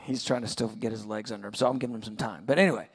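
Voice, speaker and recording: A pastor in his forties preaching a sermon, telling a personal story in a conversational, halting way. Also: on the low side, fairly even intonation, breathy edge. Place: church auditorium.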